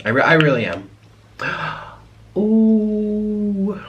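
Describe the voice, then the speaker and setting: Chatting between mouthfuls, a man hosts an eating vlog, keeping it casual and a bit apologetic and occasionally speaking with food in his mouth. He has a mid-range, expressive voice at a normal pace. The high frequencies are cut off.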